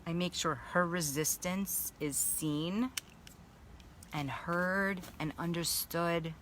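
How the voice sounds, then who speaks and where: Candid, swearing woman with a low voice. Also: slow, fairly bright tone, a little hiss or hum. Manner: candid, profane, self-reflective, greets viewers by name. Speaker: spiritual coach. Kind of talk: live video monologue. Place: sitting in a baby pool.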